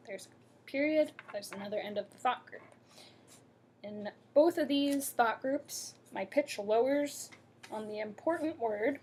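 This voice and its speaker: Breathy lady teacher going over intonation slowly in class, kinda high voice. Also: lively intonation, dark tone. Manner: slow, deliberate, demonstrating intonation. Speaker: English pronunciation teacher. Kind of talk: classroom lesson at a whiteboard.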